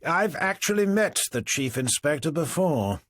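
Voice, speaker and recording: A man's voice: medium pitch, sing-song, normal speed, husky. A man voicing a smug, smirking politician who is a villain, speaking with false politeness in an audiobook reading.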